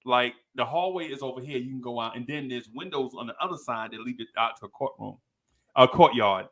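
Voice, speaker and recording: A man in his fifties, co-hosting a podcast, telling a story with lively energy and acting out the people in it. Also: medium pitch, fairly quick. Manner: animated storyteller, acts out quoted people in a raised voice. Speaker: podcast co-host. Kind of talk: casual chat.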